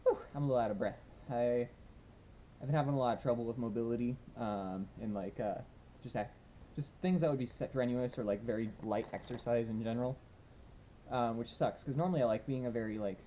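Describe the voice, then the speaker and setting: A man's voice: mid-range voice, brisk, dark tone, dull audio, slight background noise. A young man talking casually in a diary vlog at home, rambling and self-deprecating with many fillers. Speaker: vlogger. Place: home room.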